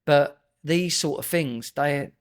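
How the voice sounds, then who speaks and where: A man's voice: fairly high pitch, takes it slowly, clear, resonant tone. A man, a guest on a podcast, chatting in a friendly, casual way. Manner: chatty, friendly, leans on fillers like "mate". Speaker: podcast guest, graphics company boss.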